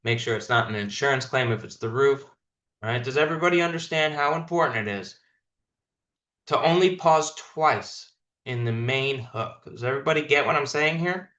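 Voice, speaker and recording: Leading a sales meeting, this manager speaks at a moderate pace in a mid-range, fairly bright voice. He is emphatic and instructive, acting out call lines for his team, and the audio is dull with a roomy sound.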